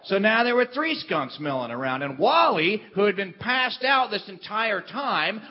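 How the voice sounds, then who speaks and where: Male comic storyteller, high-pitched voice, animated and self-mocking, dull lo-fi recording. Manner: animated, self-deprecating, shifts into character voices. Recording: dull lo-fi sound.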